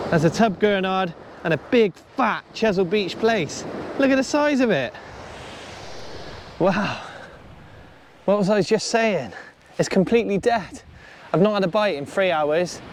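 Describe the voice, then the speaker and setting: A man's voice: high-pitched, background noise. A man hosting a fishing vlog, chatting casually and upbeat as he gives friendly advice outdoors on a beach. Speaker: angler and channel host.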